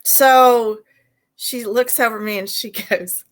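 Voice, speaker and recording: A middle-aged woman with a Southern accent telling a family story on a casual podcast, laughing as she goes and shouting when she acts out scenes. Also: a little high, fairly even intonation, takes it slowly. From Arkansas. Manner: laughs through her own stories, shouts when acting out scenes. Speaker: podcast co-host.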